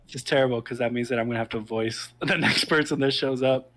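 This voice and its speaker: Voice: medium pitch, fast. A game streamer bantering and teasing their co-player. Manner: teasing, giggly, animated. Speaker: gaming streamer. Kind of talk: casual let's-play banter.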